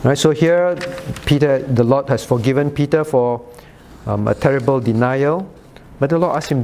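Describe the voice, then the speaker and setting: Male pastor, medium pitch, conversational teaching with direct questions, slight background noise. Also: normal speed, darkish tone. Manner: questions listeners by name; rhetorical "right?" checks. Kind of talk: sermon-style Bible study.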